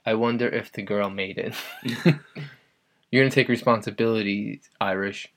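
A man's voice: lowish voice, fairly even intonation, normal speed. Laid-back slangy podcast co-host man. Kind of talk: casual chat.

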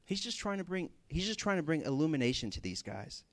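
A man preaching a sermon in a casual way, telling stories with lively bursts and everyday fillers. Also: fairly high pitch, brisk. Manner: casual, animated storytelling with fillers. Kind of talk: sermon with storytelling.

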